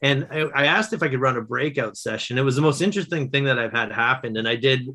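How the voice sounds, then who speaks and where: A man, a guest author and educator, telling stories in casual conversation, animated, with quick restarts. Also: mid-range voice. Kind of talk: casual storytelling.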